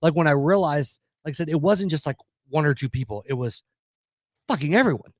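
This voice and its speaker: A man's voice: fairly high pitch, animated, fairly quick, a little mellow, no echo, clean studio sound. A man, telling a heated, profanity-laced story in casual podcast chat. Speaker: podcast co-host.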